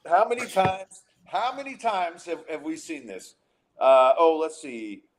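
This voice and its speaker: A middle-aged man hosts a podcast, chatting casually and ranting in an exasperated, sarcastic way with many restarts. His voice is a little high and sing-song, unhurried, with slight background noise.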